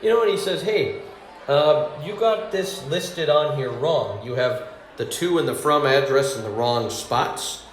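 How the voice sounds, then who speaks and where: Stand-up comedian telling animated stories. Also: male voice, mid-range voice, measured pace, reverberant, a little hiss or hum. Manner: animated, laughs at his own stories, acts out other people's lines in raised voices. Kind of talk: stand-up storytelling.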